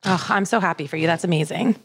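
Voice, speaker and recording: A woman's voice: on the low side, fast talker, gravelly, husky. A young woman co-hosting a podcast, chatting casually, bubbly and emphatic, laughing often. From Greek family roots. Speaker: podcast co-host. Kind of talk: casual chat.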